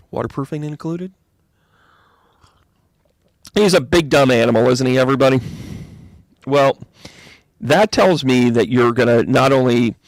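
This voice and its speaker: A man giving a live astrology and tarot reading in a chatty, rambling, jokey way with bursts of excitement. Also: medium pitch, vocal fry, dry recording. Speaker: psychic medium reading tarot.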